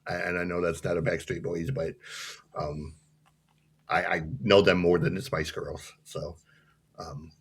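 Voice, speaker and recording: A man's voice: low voice, little pitch movement, a little slow, pauses often, breathy edge. A man co-hosting a casual podcast, offhand and often laughing. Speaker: podcast co-host.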